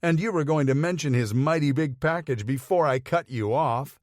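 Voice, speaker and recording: A man voicing a jealous, playful grown man who talks in a gruff, teasing way. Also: on the high side, normal speed, no echo, studio quality, voice pushed up, natural voice.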